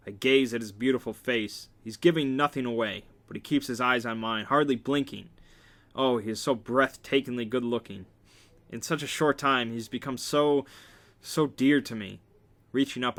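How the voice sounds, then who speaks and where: Man, amateur novel reading, casual, small slips and restarts, mid-pitched voice. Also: fairly bright tone. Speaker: reader.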